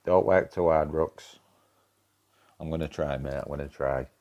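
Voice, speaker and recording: A man with a broad Yorkshire accent and a notably low voice, chatting loosely with his viewers during a live game stream. He swears freely and keeps up easy banter. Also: steady tone, unhurried, warm tone, muffled recording. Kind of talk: casual live-stream chat.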